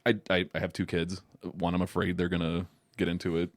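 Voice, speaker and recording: A young man guests on a podcast for a casual chat, telling rambling stories full of swearing and laughter. He has a deep voice with a completely flat delivery, speaks a little fast, and the recording has no room sound.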